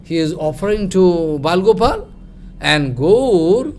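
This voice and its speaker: Animated man telling a devotional story. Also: high voice. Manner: animated, halting broken English, many fillers. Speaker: spiritual teacher.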